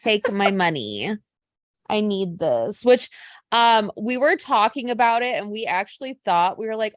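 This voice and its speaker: A woman co-hosting a casual podcast, gushing and animated as she tells stories. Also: on the high side, moderate pace, no echo, clean studio sound. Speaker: podcast co-host. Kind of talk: casual chat.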